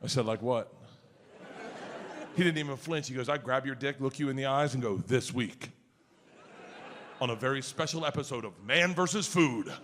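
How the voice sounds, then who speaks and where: A man doing a stand-up comedy set, telling a story loudly and acting out the other people in it with shouted voices. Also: medium pitch, moderate pace, long pauses, background noise. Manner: loud, animated storytelling that jumps into shouted voices. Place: comedy club stage before an audience.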